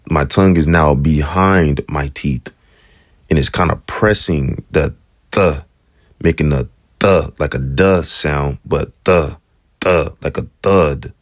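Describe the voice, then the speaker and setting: A man with an African American English accent walks through letter sounds in a relaxed lesson, repeating each one several times. His voice sits extremely low and he takes his time. The sound is close and dry, with no room echo. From United States. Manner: repeats sounds slowly, drawn-out demonstrations. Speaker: Hebrew teacher. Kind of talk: casual alphabet lesson.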